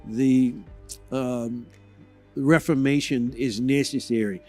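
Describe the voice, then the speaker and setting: A man's voice: mid-range voice, steady tone, darkish tone. Earnest man host with faint music. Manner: earnest, halting, many fillers. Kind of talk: emotional tribute and commentary.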